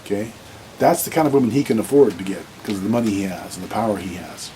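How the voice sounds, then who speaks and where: A man's voice: lowish voice, lively intonation, fast talker, warm tone, a little hiss or hum, rough recording. A man giving blunt dating advice in a casual monologue to camera, rambling, restarting sentences and repeating words.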